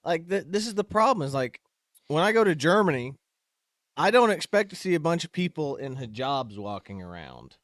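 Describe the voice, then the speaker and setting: Male co-host with a lively, swooping delivery and a dry, close sound. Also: fairly high pitch, moderate pace, no echo. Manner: animated, reads headlines aloud. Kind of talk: talk show banter.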